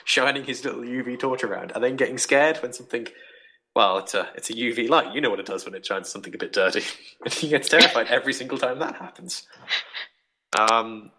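A young man casually talking through a book on a podcast, rambling and animated, acting out quoted thoughts. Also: medium pitch, slight background noise, low-quality recording. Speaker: podcast host reviewing a book.

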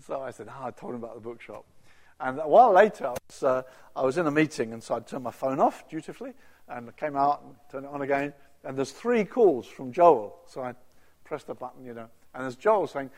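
An older man preaching a sermon, telling stories with animated acted-out quotes. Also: mid-range voice, a little fast. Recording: long reverb of a large hall.

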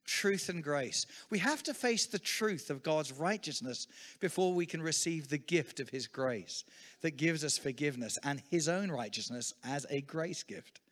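Lively preacher man. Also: a little high, a little slow, in a large hall. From England. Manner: lively, humorous storytelling preacher. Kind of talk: sermon with storytelling.

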